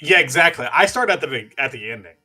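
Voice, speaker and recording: Bright-voiced giggly young man. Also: a little high, animated, quick pace, soft background music. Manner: giggly, rambling, frequent laughter. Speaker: podcast co-host. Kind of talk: casual banter while playing a game.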